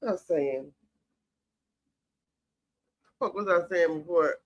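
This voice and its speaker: A man's voice: a little high, slow pace, muffled recording. Sassy, ranting man. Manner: sassy, profane, heated ranting. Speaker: reality TV commentator. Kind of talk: casual commentary chat. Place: home kitchen while cooking.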